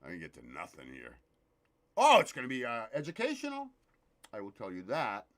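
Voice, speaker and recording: A man's voice: medium pitch, huge pitch swings, fairly quick, a bit bright. A man hosting a loose live show, joking, swearing and greeting viewers by name. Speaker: show host. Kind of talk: casual live-stream chat.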